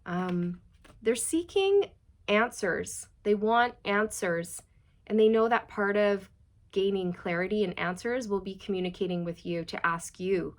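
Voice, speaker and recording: A woman giving a casual tarot reading to her viewers, chatty and direct, asking many rhetorical questions. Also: mid-range voice. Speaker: tarot reader.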